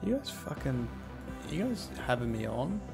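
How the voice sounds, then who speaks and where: A man's voice: mid-range voice, sing-song, normal speed, vocal fry, music in the background. A man streaming a game and chatting casually with his viewers, cheeky and joking as he thanks them and teases the chat.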